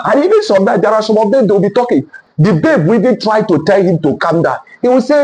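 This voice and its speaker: Lively high-voiced man lecturing. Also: quick pace, poor audio. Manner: emphatic and repetitive, lecturing the listener directly. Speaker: relationship advice speaker. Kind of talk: motivational relationship talk.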